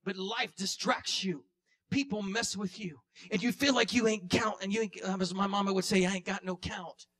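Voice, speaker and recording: A male pastor preaching a sermon in church, repeating his phrases and building to shouts, then dropping into quick quiet asides. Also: sits high, steady tone. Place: church sanctuary.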